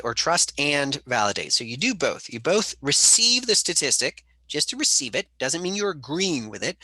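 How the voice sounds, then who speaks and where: Bright-voiced male instructor, live online lecture. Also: mid-range voice, dry recording. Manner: conversational, answers chat questions, frequent fillers. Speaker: college instructor.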